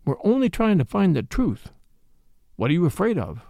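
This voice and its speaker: A man voicing a gentle, genial priest detective who speaks quietly in an easy, low tone. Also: huge pitch swings, normal speed, vocal fry, no room sound, clean studio sound, full character voice.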